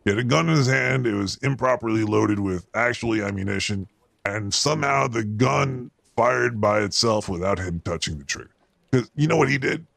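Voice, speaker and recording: A man's voice: lowish voice, moderate pace, a bit bright, no room sound, exaggerated voice. A man voicing a paranoid, foul-mouthed male cartoon rat who hosts a show and rants crudely and with exasperation about the news. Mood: ranting. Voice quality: gravelly. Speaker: show host. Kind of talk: comedic news rant.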